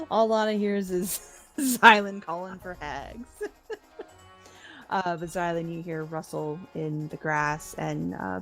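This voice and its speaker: A woman's voice: fairly low pitch, vocal fry. A woman narrating as dungeon master in a laid-back, easygoing way, with frequent filler words and laughter. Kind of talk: narrating a tabletop game.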